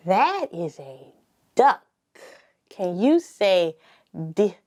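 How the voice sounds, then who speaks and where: A woman leading a preschool circle time lesson, talking slowly and encouragingly and spelling words out letter by letter. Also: sits high, sing-song, darkish tone. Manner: slow, sing-song and encouraging, spelling letter by letter. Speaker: preschool teacher.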